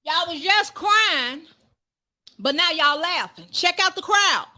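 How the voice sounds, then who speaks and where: High, bright-voiced woman preaching fervently. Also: expressive, takes it slowly, no room sound. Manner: fervent, rising to shouts, calls out to the congregation. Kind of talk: sermon.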